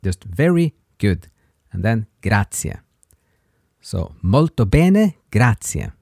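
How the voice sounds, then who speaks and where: A man hosting a podcast and teaching a language lesson, patiently repeating short phrases slowly for listeners to practice. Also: fairly low pitch, big pitch swings, vocal fry, a little mellow, husky, no room sound, clean studio sound. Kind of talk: slow spoken language lesson.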